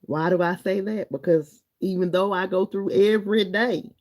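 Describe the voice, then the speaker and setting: A middle-aged woman talks casually to her live-stream viewers. Her voice is warm and mellow, at an ordinary pitch for a woman. She drifts easily from topic to topic in an encouraging way. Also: steady tone, moderate pace. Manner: chatty, warm and encouraging, wanders between topics. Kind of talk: casual live-stream chat reading comments.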